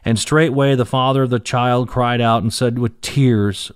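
Man, Bible teacher, reads verses then explains them, in pain, mid pitch, very dry sound. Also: steady tone, moderate pace, few pauses, clear, resonant tone, no room sound. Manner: reads scripture then explains it, with restarts and fillers.

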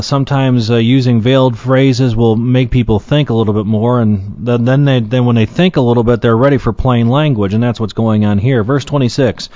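A man's voice: medium pitch, a little mellow, no echo. Man teaching scripture, dry muffled recording. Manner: reads scripture aloud then explains it plainly, with frequent fillers. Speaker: preacher. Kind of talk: verse-by-verse Bible teaching.

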